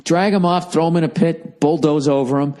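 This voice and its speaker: A man's voice: on the high side, fairly even intonation, brisk, mellow. A man from the United States hosting his own podcast, ranting alone in a heated, sarcastic, profane way. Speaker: podcast host. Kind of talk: solo rambling rant.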